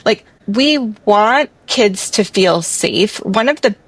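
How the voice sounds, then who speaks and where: A woman's voice: medium pitch, lively intonation, slow pace, no echo, poor audio. A woman in her forties talking earnestly as a podcast guest, thinking aloud in a conversational way. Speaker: podcast guest, divorce expert. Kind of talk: casual chat.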